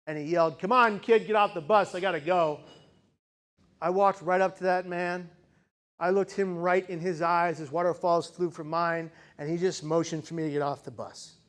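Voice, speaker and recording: High-voiced man telling a dramatic story. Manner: dramatic, swings from raised intensity to hushed, slow emphasis; addresses audience directly with rhetorical questions. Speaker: keynote speaker. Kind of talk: personal storytelling speech to a live audience.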